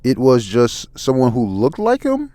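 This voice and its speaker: Man doing Luffy, high excited young pirate voice, loud and eager. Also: unhurried, no echo. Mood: eager insistent.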